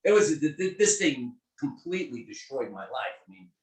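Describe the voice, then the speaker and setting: A middle-aged man telling a story in an interview, animated and emphatic, swearing freely. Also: a little high, moderate pace, distant mic. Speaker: guest therapist. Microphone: video call. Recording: echoey room on a video call.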